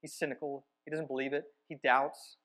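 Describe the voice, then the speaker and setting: A man teaching a sermon, telling the story with sudden swings from emphatic to hushed. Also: medium pitch, little pitch movement, fairly quick. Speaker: church teacher.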